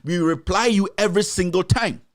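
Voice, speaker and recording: A man's voice: sits high, brisk, no echo, studio quality. A Ghanaian man hosting a live political commentary stream, speaking in an impassioned, repetitive way and switching between English and Twi.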